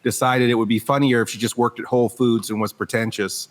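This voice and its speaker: A man's voice: mid-range voice, little pitch movement, quick pace. A man hosting a comedy podcast, talking in a chatty way, often laughing and restarting his sentences. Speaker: podcast host. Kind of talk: casual podcast chat.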